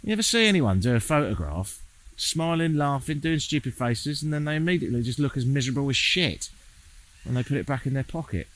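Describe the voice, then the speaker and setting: A man's voice: medium pitch, animated, a little fast, fairly bright tone. Sardonic man vlogging outdoors. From England. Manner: sardonic, swearing, self-mocking asides. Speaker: travel vlogger. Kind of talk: casual travel vlog narration. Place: outdoors, walking through a town.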